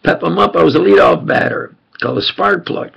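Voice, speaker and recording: An older man with a thick New York accent reminisces aloud, his voice heavy with gravel and a husky edge. He wanders and repeats himself, Italian his first language. The recording is dull and lo-fi. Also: high voice, brisk, fairly bright tone. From New York, USA. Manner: meandering, repeats himself, chuckles while reminiscing. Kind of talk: rambling personal monologue.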